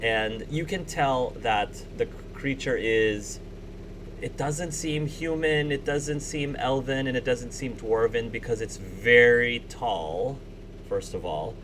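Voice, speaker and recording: A man runs a tabletop session, his narration stopping and starting as he works out the scene. His voice sits at an ordinary pitch, and a faint noise runs under the recording. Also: fairly bright tone, low-quality recording. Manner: halting, with many restarts and fillers. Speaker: game master.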